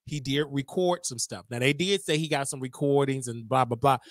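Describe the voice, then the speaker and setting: A young man hosting a casual livestream, talking in an animated, gossipy way and laughing often. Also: mid-range voice, fairly quick, dry recording. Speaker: show host.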